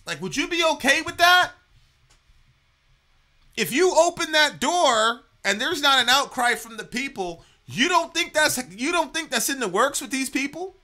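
This man's voice is very high-pitched, animated and sharp, at a normal speed. Co-hosting a reaction podcast, he rants casually about politics, cursing and tripping over repeated words.

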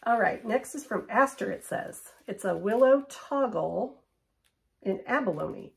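Chatty woman with a gravelly edge. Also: mid-range voice, expressive, unhurried. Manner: chatty, upbeat, drops to a near whisper for close-ups. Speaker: shopping haul vlogger. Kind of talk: casual chat unboxing and try-on.

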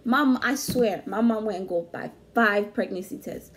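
A young woman telling a story in casual chat, animated and slangy, laughing often. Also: mid-range voice, moderate pace, a little hiss or hum. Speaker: vlog host.

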